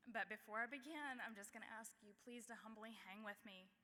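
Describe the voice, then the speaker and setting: A woman advocate giving an emotional prepared speech, pausing to steady herself. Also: fairly high pitch, a little hiss or hum. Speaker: advocate and speaker. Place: large banquet hall. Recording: long hall reverb.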